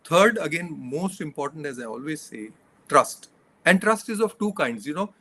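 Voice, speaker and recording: A man's voice: fairly high pitch, animated, moderate pace, fairly bright tone. A middle-aged man, a leadership coach, giving earnest interview answers that he builds from examples and numbered points.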